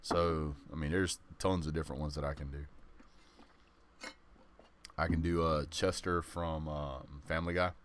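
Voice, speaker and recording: Deep-voiced man rambling on a live stream. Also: fairly even intonation, normal speed, pauses often, slight background noise. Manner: rambling, laid-back, with lots of restarts. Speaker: host of a sports channel. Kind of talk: casual live-stream chat.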